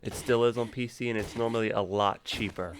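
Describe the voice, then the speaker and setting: Laid-back man with a low voice. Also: steady tone, brisk, a little hiss or hum. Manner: rambling, loose, laughs easily. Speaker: gaming YouTuber. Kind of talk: casual gameplay commentary.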